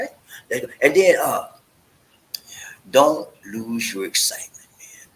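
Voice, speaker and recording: A man's voice: on the high side, brisk. A man giving relationship advice in a casual talk, full of rhetorical questions and repeated "man". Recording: echoey room with faint noise.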